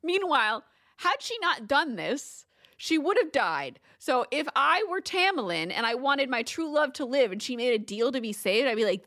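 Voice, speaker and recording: A woman co-hosting a book podcast, retelling chapters in a casual, animated way and laughing often. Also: high-pitched, moderate pace, no echo, clean studio sound.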